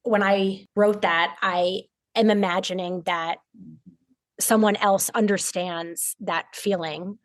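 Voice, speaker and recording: A woman's voice: medium pitch, steady tone, takes it slowly, no echo. A young adult woman, an author guest on a podcast, speaking in an earnest, thoughtful way with many fillers. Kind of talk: casual interview chat.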